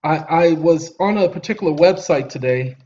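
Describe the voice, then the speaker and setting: A man's voice: on the high side, normal speed, darkish tone, muffled recording. A man giving a preachy, lecturing monologue to his viewers, repeating himself and apologizing sarcastically. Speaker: online commentator.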